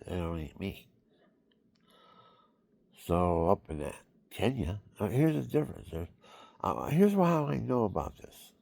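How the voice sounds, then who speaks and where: Deep, gravelly man rambling on. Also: big pitch swings, a little slow, long pauses, darkish tone, no room sound. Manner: rambling, repetitive, acts out quoted voices. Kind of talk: rambling monologue.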